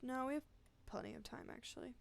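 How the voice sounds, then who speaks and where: Gravelly-voiced woman playing a game. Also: high voice, fast. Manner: chatty, self-deprecating. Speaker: let's play host. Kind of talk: casual game commentary. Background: faint game music.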